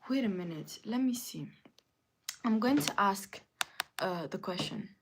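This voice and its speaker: A woman's voice: expressive, unhurried, background noise. Woman ranting indignantly on a livestream. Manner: indignant, repetitive ranting with sudden rises in pitch. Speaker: livestream host. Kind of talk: casual livestream chat, reading comments aloud.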